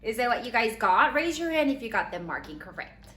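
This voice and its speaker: A woman teaching a third-grade spelling lesson, slowly sounding out letters and giving encouraging praise. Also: fairly high pitch, very animated, noisy background. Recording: echoey room with faint ambience.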